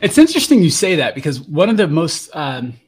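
A man's voice: a little high, sing-song, fairly quick, husky. A man hosting a podcast, interviewing casually and animatedly acting out other people's voices as he tells stories. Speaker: podcast host.

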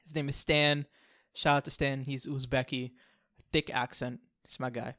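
A man co-hosting a podcast, telling a long comic story in an animated, joking way. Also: mid-range voice, moderate pace, no room sound, studio quality. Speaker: podcast co-host. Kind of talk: casual storytelling chat.

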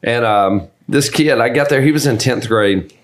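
A man's voice: mid-range voice, moderate pace. A man guesting on a podcast, joking and swearing bluntly in casual chat.

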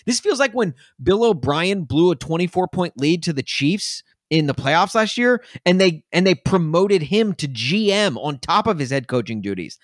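A man's voice: high-pitched, sing-song, moderate pace, few pauses, no room sound. A man co-hosting a sports podcast, ranting angrily about his team with many stumbles and restarts. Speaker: podcast co-host. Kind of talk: casual sports podcast rant.

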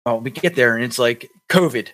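A man's voice: medium pitch, brisk, a bit bright. Rambling man telling a story. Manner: rambling, lots of likes and restarts. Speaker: podcast co-host. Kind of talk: casual podcast storytelling.

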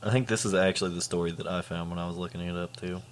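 A man's voice: sits low, steady tone, racing. A man co-hosting a podcast, heckling his partner with dry, teasing remarks. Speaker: podcast co-host. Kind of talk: casual banter.

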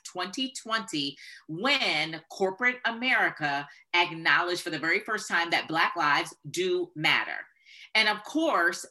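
A woman speaking as a guest expert in an interview, emphatic and building to forceful points. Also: lowish voice. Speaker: guest expert on corporate diversity. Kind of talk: conversational interview talk.

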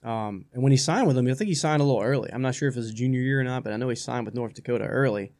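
In a studio, a man hosts a sports talk radio show, speaking at a racing pace with a medium-pitched voice. He chats casually and rambles, often repeating words as his excitement builds.

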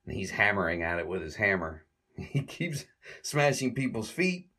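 A man casually retelling the plot of an old comedy short, halting with restarts and little chuckles. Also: fairly low pitch, very animated, bright, forceful tone. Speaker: film reviewer recapping a classic comedy short.

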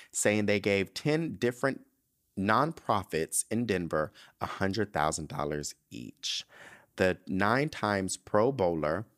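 A young male podcast host with a lowish voice that jumps all over as he talks. He reads celebrity headlines, then breaks off into sassy, campy asides in a loose, chatty way. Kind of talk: casual solo commentary on celebrity news.

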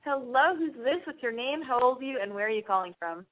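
A young woman hosting a call-in podcast, chatty and candid, telling stories in an animated way. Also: sits high, fast talker, a little hiss or hum. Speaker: podcast host. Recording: narrow phone-like sound.

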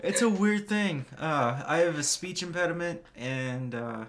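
An American man co-hosting a casual podcast, telling stories with halting restarts. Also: a little high, fairly bright tone. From United States. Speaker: podcast co-host. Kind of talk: casual chat.

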